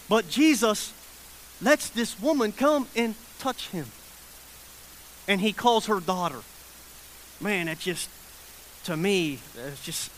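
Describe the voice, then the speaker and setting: A man with a high voice preaches a loose, conversational sermon. He repeats key phrases and keeps checking in with his listeners. A faint hiss runs under the recording. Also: moderate pace, fairly bright tone. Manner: conversational preaching that acts out the people in the story.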